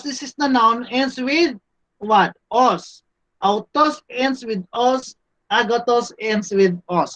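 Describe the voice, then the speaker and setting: A man's voice: very high-pitched, poor audio. A man teaching a Greek grammar class, repeating words and checking in with "no?" and "okay?". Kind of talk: classroom lesson.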